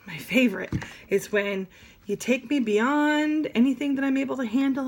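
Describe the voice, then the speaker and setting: A woman teaching sign language vocabulary in an animated, demonstrative way, with playful asides. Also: high-pitched, moderate pace, a little hiss or hum. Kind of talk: classroom lesson.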